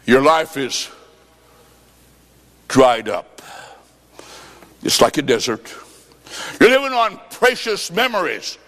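A man preaching a sermon in an emphatic, folksy way, with sudden shouted bursts and dry humor. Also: fairly high pitch, big pitch swings, slow pace, long pauses.

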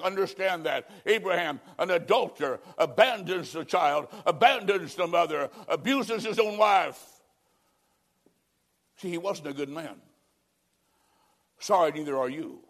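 A male preacher delivering an evangelistic sermon, swinging between loud emphatic lines and hushed, near-whispered endings. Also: sits high, unhurried.

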